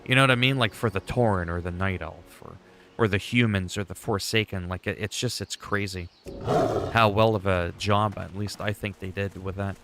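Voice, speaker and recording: A man streaming a game, chatting casually and rambling as he thinks out loud. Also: low-pitched, fairly even intonation, moderate pace, gravelly, background noise. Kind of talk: casual gameplay chat.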